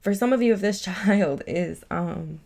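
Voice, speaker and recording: A woman giving a casual, chatty tarot reading, warm and emotional, with many fillers. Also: mid-range voice, measured pace, creaky. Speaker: tarot reader.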